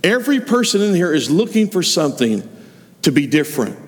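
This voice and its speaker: A man's voice: on the high side, very animated, fairly quick. A man preaching a sermon, retelling stories and acting out the voices of the figures he quotes. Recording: long hall reverb.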